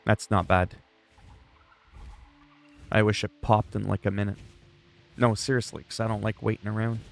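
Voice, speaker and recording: A man's voice: on the low side, flat delivery, moderate pace, gravelly, faint music behind. A man from Canada chatting casually with viewers while he plays a video game, rambling and greeting them by name. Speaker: livestreamer. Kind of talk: casual gameplay chat.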